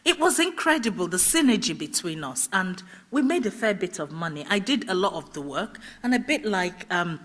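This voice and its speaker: A middle-aged woman telling her life story as a festival speaker, animated and laughing often as she acts out what people said. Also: mid-range voice, normal speed, few pauses. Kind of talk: personal storytelling talk. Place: festival stage.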